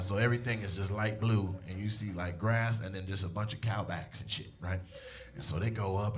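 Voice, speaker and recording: A man in his thirties performing stand-up on stage, telling a story in an animated way that swings from hushed to shouting. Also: on the low side. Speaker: stand-up comedian. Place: comedy stage before a live audience.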